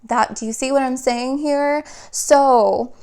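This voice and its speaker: Woman, young adult, tarot reader, slightly high voice, quick flowing talk, repeats her phrases. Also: dark tone, smooth. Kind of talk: spiritual tarot reading.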